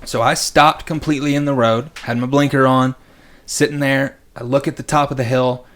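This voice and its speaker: A man's voice: mid-range voice, fairly even intonation, moderate pace, fairly bright tone. A young adult man co-hosting a podcast, telling rambling stories in casual chat and acting out the people in them. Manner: rambling anecdotes, acts out quoted people. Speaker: podcast co-host.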